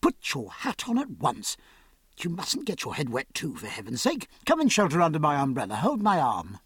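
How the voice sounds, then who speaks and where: A man reading an audiobook, voicing a warm, fussing young woman who talks solicitously and briskly. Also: on the high side, huge pitch swings, husky, no echo, studio quality, heavily acted. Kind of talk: audiobook character voice.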